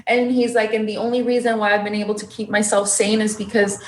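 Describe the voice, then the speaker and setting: A woman's voice: medium pitch, quick pace, echoey room. A young adult woman, a podcast guest, telling her personal story with emotion and acting out what others said. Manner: emotional, animated storyteller who acts out quotes.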